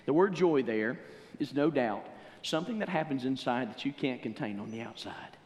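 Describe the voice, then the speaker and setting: A male pastor preaching a sermon in a church, telling stories in an animated way and breaking into exuberant shouts. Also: mid-range voice, normal speed. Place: church sanctuary. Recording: long church hall reverb.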